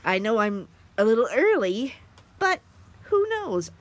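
Animated high-voiced woman hosting for kids. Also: unhurried. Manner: animated, sing-song, talks to the kids and her dog. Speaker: children's show host. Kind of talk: children's sing-along lesson.

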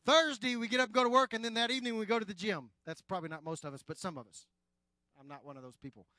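Speaking to the congregation head-on, this high-voiced male preacher swings between forceful, loud lines and quiet, slow ones. The audio carries no room sound.

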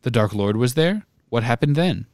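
A man reading aloud and voicing a gruff older male veteran who asks curt, urging questions. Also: mid-range voice, expressive, moderate pace, darkish tone, dry recording, lightly acted.

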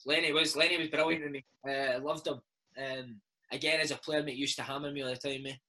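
Fast-talking Scottish man, husky and bright. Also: medium pitch, poor audio. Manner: animated storytelling, peppered with "mate". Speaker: former footballer and podcast host, interview guest. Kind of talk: casual interview chat.

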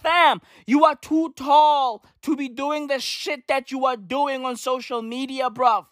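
A woman's voice: sits high, steady tone, a little slow, dry recording. Slangy ranting woman, dry close sound. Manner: slangy, profane, repetitive hype talk. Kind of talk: comedic sports rant.

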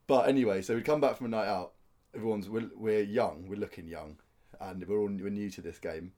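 영국 억양으로 웃으며 떠드는 남자. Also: male voice, fairly low pitch, brisk, mellow. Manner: laughing, chatty, storytelling. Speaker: podcast co-host. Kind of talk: casual chat.

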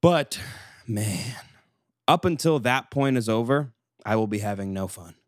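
A young man in his twenties hosting a solo podcast, chatty and self-mocking, running off on animated tangents into a studio microphone. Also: on the low side, measured pace, no echo. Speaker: podcast co-host.

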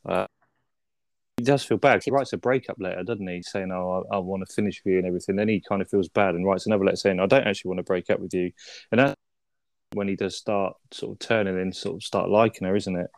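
Man, podcast co-host, relaxed and sweary, low voice, dry sound. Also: fast talker, creaky, no room sound. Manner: laid-back, swears often, asks tag questions. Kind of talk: casual film review chat.

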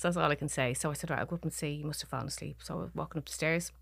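A middle-aged Irish woman speaks in a low, dry-sounding voice, recounting a personal story as a podcast guest. She talks in halting, emotional bursts with restarts. The recording is close and dry. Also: vocal fry, slightly rough, no room sound. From Dublin, Ireland.

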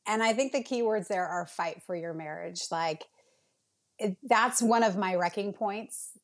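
A woman's voice: mid-range voice, unhurried. A woman in her late thirties, a podcast guest telling a candid personal story in an earnest, emotional way with many fillers and restarts.

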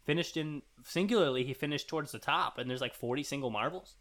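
A man with a bright, forward voice that sits a little high talks casually as a podcast co-host. He thinks out loud, restarting sentences and padding them with ums and likes. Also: fast talker. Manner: rambling, thinks aloud with fillers and restarts. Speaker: podcast co-host reading listener emails. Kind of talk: casual chat.

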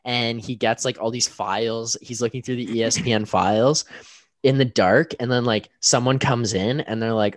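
Young man, casual storyteller, mid pitch, dry close sound. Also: normal speed, no echo. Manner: storytelling with lots of filler words. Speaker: podcast co-host. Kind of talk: casual chat.

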